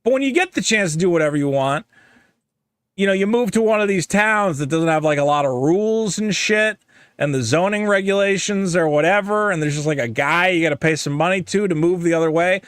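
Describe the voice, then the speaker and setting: A man co-hosting a podcast, delivering a profane, animated comedic rant and mimicking other people's reactions. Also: high-pitched, fairly quick, clear, resonant tone, no room sound, clean studio sound. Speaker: podcast co-host.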